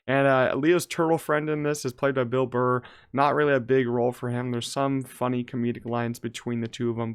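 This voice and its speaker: Chatty man with a smooth voice. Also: mid-range voice. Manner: chatty, leans on "you know" and "like". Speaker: movie reviewer. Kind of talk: casual review vlog.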